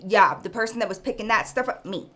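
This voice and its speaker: A woman's voice: medium pitch, expressive, quick pace, fairly bright tone. A woman vlogger telling a story in a frank, chatty way, talking straight to the listener. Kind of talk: casual storytime chat.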